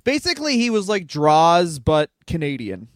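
A man's voice: a little high, wildly swooping pitch, no echo. Profane joking man on a dry mic. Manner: fast, profane, self-mocking. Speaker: comedian podcast co-host. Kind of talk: casual podcast banter.

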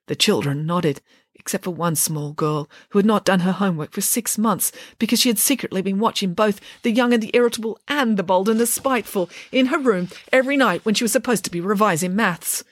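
A woman's voice: mid-range voice, brisk, no echo, studio quality. A woman narrating a children's audiobook in a playful storytelling manner.

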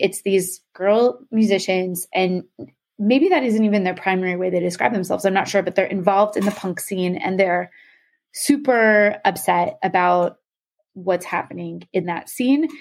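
A young adult woman explaining a topic to a co-host in casual podcast talk, full of "um" and "like". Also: mid-range voice. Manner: chatty, many fillers like "um" and "like".

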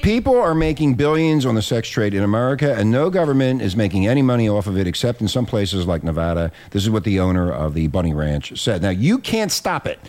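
A man's voice: fairly low pitch, big pitch swings, a little fast, few pauses, a little mellow. A man hosting a crude comedic talk radio show, brash and profane, rambling through his points.

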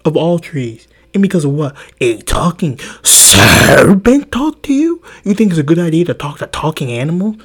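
A man putting on the voice of an exasperated biblical Adam, yelling and incredulous. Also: on the high side, very animated, moderate pace, hardly any pauses, slightly rough, full character voice.

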